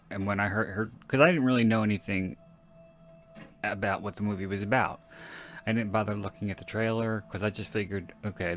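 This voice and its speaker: A man's voice: lowish voice, a bit bright. A man hosting a podcast, giving casual, rambling movie commentary, frank and prone to self-correction and casual swearing. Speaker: podcast host.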